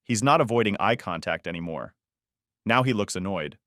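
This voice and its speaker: A man reading a first-person story as a scripted narration, in an even, measured manner. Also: lowish voice, no room sound, clean studio sound.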